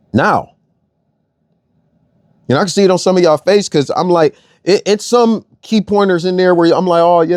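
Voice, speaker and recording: A young man rants bluntly and profanely, hammering his points through repetition. His voice sits high for a man and swings widely in pitch. The recording is close and dry. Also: a little mellow, no echo. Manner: repeats phrases for emphasis. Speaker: online commentator. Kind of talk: ranting monologue.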